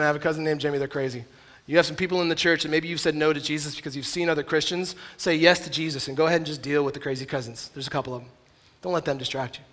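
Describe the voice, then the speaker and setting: A man preaching in a church auditorium, his voice bright and ringing, set a little high. His delivery is passionate and emphatic, swinging from loud outbursts to soft, joking asides, and a long hall reverb trails each phrase. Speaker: pastor. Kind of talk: sermon.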